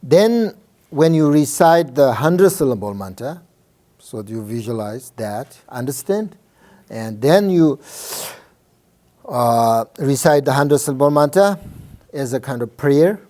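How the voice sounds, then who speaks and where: Slow, soft-toned Buddhist teacher, a man. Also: medium pitch, animated. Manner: halting, many fillers and restarts; checks in with listeners often. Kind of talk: informal dharma teaching.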